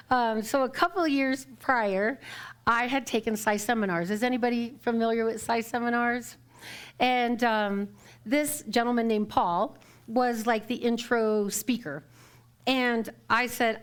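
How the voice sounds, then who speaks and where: A middle-aged woman minister preaching live in a church, her voice sitting a little high. She tells her story in an animated way, slipping into the voices of the people she quotes and laughing along the way. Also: normal speed. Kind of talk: storytelling sermon.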